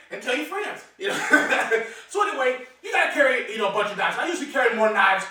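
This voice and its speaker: A man with a very high, bright voice rattles off a brash, boastful, profane comedic monologue at a quick clip. He keeps chuckling between lines. The sound is roomy and echoey, with the mic set far from him and a faint hiss underneath. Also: animated. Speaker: comedic host showing his knives.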